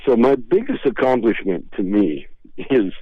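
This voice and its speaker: A man's voice: mid-range voice, sing-song, unhurried, husky, no room sound. A male comedian telling rambling, laid-back anecdotes as a guest in a radio interview. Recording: dull lo-fi radio sound.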